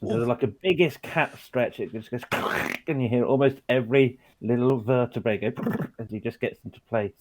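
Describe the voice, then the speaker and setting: A man playing a tabletop game who describes his character's moves and often clears his throat. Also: medium pitch, normal speed, few pauses, slight background noise. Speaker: player.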